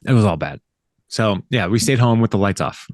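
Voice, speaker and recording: A man's voice: lowish voice, expressive, brisk, no echo. Chatty man recapping, dry mic. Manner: rambling, laughs often, acts out characters' lines. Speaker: podcast host. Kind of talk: casual recap chat.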